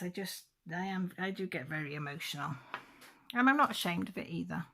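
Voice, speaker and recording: A woman's voice: fairly low pitch, normal speed, fairly bright tone. A middle-aged woman chatting casually on her vlog, telling a story in a rambling, emotional way with many restarts. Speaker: diamond painting vlogger. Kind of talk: casual chat.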